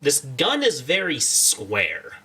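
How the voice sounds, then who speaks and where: Bright, lively young man streaming a game. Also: mid-range voice, slow, slightly rough. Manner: jokey, rambling, chats to viewers. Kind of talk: casual let's-play commentary.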